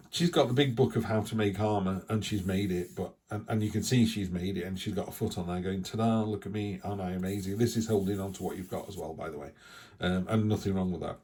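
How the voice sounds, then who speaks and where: A man's voice: deep voice, darkish tone, breathy edge. A man giving a casual, rambling tarot reading, with frequent restarts and asides. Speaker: tarot reader.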